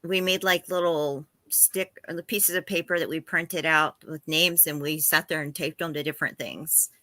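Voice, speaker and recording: A woman chatting as a guest. Her voice is very low but bright and forceful, and the sound is dry and close. She talks openly and easily, as a parent. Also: steady tone, moderate pace, no echo. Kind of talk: casual chat.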